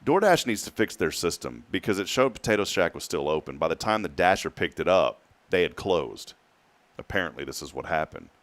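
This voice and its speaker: A man's voice: deep voice, big pitch swings, brisk, no echo. A man hosting a morning talk show, rambling through stories and laughing often. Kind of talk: casual chat.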